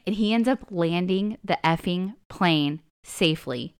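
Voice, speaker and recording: Female co-host with a smooth voice, an animated storyteller who acts out quotes. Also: fairly low pitch, moderate pace, hardly any pauses. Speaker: podcast co-host. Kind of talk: casual chat.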